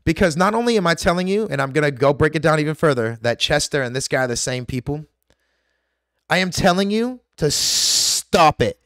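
A man's voice: on the high side, lively intonation, brisk, a bit bright, no room sound, clean studio sound. A man delivering an aggressive, profane, preachy rant straight to his viewers as a vlogger. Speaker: conspiracy vlogger. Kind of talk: ranting monologue to camera.

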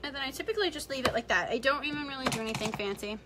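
A woman's voice: high-pitched, very fast, very noisy. A young woman chatting her way through a makeup tutorial livestream from home, rambling and saying "like" constantly. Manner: chatty, rambling, heavy use of "like". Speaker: beauty vlogger.

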